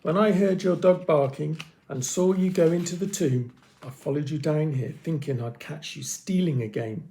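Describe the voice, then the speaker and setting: A man doing a stern, fair storybook guard, mellow, slightly high voice. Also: normal speed, gravelly, few pauses, a little hiss or hum. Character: stern male tomb guard, fair-minded.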